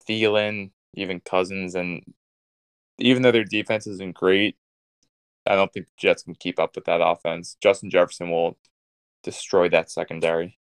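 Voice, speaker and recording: Smooth low-voiced blunt podcaster man. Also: fairly even intonation, moderate pace, no room sound. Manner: blunt, decisive predictions. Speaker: podcast co-host. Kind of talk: casual sports chat.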